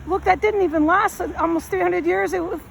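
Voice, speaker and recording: A woman vlogs on her phone while walking a city street, rambling in casual slang with plenty of emphasis. Her voice is high-pitched with a gravelly edge. Faint street and traffic noise sits behind her. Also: fairly quick. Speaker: vlogger. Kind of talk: walking vlog monologue. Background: street noise and passing traffic.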